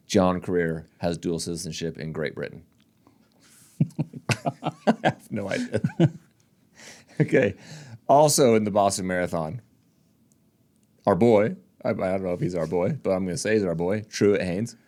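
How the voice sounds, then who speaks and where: A man's voice: deep voice, normal speed, long pauses, a little mellow. A man co-hosting a casual running podcast, joking, teasing and laughing often. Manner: laughs often, jokes and teases. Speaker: podcast co-host. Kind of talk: casual chat.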